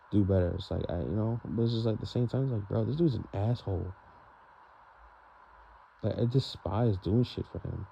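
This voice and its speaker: A man's voice: lowish voice, gravelly. A young man venting in a rambling, frustrated vlog monologue, full of fillers and "bro". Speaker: vlogger. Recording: dull lo-fi sound with faint noise.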